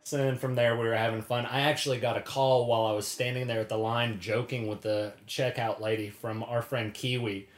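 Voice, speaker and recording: A man's voice: medium pitch, flat delivery, a little fast, few pauses. A man co-hosting a casual chat, telling stories in an easygoing, self-mocking way. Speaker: podcast co-host. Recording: echoey room.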